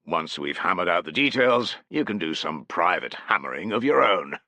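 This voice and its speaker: A man voicing a hearty, bawdy male tribal host who leers and jokes loudly in an audiobook. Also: low-pitched, sing-song, moderate pace, no echo, heavily acted. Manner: boisterous, leering. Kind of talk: audiobook character voice.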